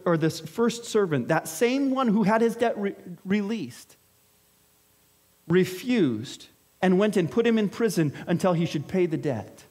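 A man's voice: sits high, lively intonation, measured pace, darkish tone, breathy edge. A man preaching a sermon in a conversational way, explaining with everyday examples. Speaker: pastor.

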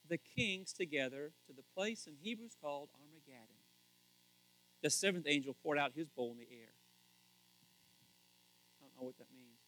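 A middle-aged male pastor preaching a sermon in a joking, animated way, acting out quotes with sudden loud shouts. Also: fairly high pitch, rough recording.

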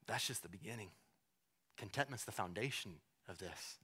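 A male pastor preaching a sermon, moving from hushed, slow emphasis to loud, high-pitched fervor, often repeating words as he restarts. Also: slightly rough.

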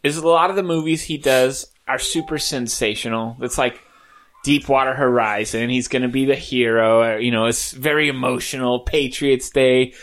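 A man's voice: medium pitch, steady tone, normal speed, fairly bright tone. A man co-hosting a casual podcast chat, joking, laughing often and slipping into impressions. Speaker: podcast co-host.

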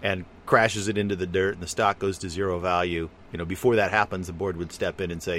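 Deep-voiced man, rambling casual chat. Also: steady tone, fast talker, few pauses, a bit bright, slight background noise. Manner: rambling, musing explanations.

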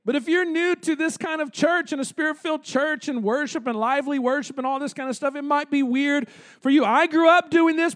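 A man preaching a sermon in a church, conversational and joking, with frequent asides to the congregation. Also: very high voice. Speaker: pastor. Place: church sanctuary.

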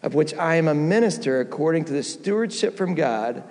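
A man's voice: a little high, lively intonation, brisk, darkish tone. Man preaching in a reverberant church. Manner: storytelling, building to emphatic peaks. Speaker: guest preacher. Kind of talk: sermon.

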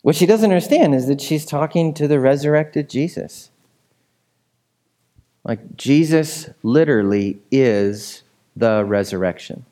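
A man's voice: mid-range voice, lively intonation, unhurried, mellow. A man preaching a sermon in a casual, conversational way, often asking his listeners questions. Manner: conversational, asks the room questions. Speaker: pastor.

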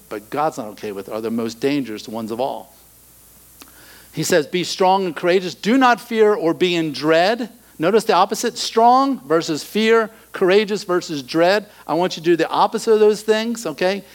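A middle-aged male pastor preaching a sermon, animated, acting out quoted voices and dropping to soft asides. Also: sits high, rough recording.

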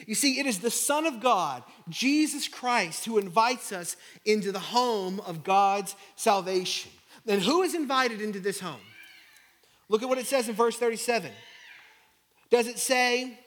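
A male pastor preaching a sermon, building with repeated rhetorical questions and then dropping to a hushed, intimate delivery. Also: sits high, lively intonation, measured pace.

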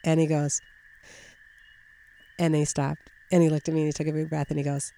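A woman, an energy healer being interviewed, tells a personal story in a heartfelt, halting way, close to tears and full of fillers. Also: deep voice, flat delivery, gravelly, mellow.

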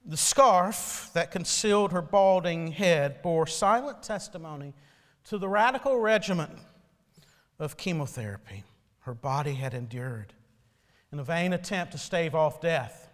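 Solemn high-voiced male preacher. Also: animated, fairly bright tone, big-room sound. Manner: slow, solemn storytelling. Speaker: pastor. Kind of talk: sermon.

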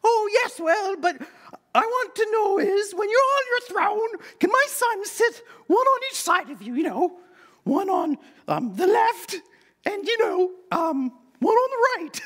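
A man voicing a fussy, pushy mother in a squeaky comic falsetto, as in a sermon skit. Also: sing-song, a little slow, fairly bright tone, heavily acted. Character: fussy doting mother, shrill Monty Python-style falsetto.

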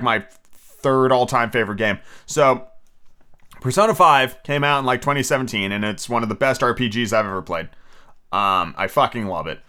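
Excitable man with a lively voice. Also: medium pitch, smooth. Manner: casual, excitable, swears freely. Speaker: podcast host and reader. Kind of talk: casual storybook reading and chat.

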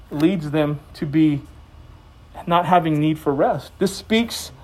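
A man with a notably high voice preaches a sermon. He talks to the congregation in a relaxed, conversational way and slips jokes in between the scripture. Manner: conversational and joking.

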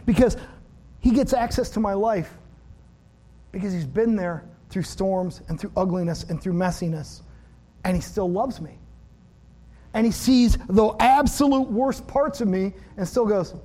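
A middle-aged man with a notably high voice preaches in an easy, conversational way. He acts out little dialogues with a friend as he talks to his congregation. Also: moderate pace, dark tone. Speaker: pastor. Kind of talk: sermon.

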